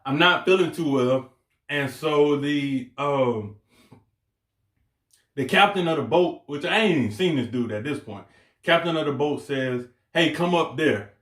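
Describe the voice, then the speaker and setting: A young man telling a casual story on his channel, slangy and animated, laughing as he goes. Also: on the high side, a little slow, reverberant. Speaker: vlogger.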